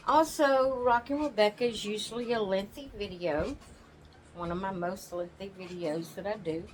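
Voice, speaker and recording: A woman talks at an unhurried, drawling pace while she rocks in her chair at home. Her pitch sits in the middle, and her chat is homey and rambling, with frequent restarts and the odd yawn. A faint hiss runs beneath the recording. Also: rough recording. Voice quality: slow, drawling, yawns often. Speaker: channel host. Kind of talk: casual chat. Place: home, sitting in a rocking chair.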